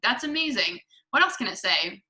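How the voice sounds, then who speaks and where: Clever lil storybook girl, earnest and bright, lady reading her. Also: medium pitch, sing-song, moderate pace, low-quality recording. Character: clever brave little girl.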